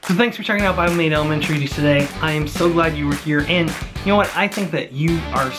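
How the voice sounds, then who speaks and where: A young man giving a playful Bible lesson for children, animated and jokey, talking straight to the kids. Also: a little high, fast talker, music in the background.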